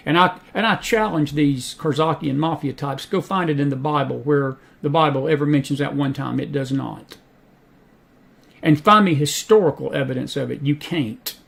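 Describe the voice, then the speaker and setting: A man's voice: a little high, vocal fry. A man from South Georgia with a Southern accent, hosting faith-based news commentary in a folksy, emphatic way that repeats key phrases. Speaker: host.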